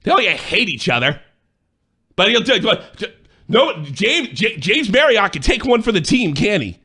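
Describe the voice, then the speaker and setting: An angry man in a profane, accusing rant, sometimes shouting. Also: high-pitched, very animated, a little slow, slightly rough. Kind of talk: heated rant.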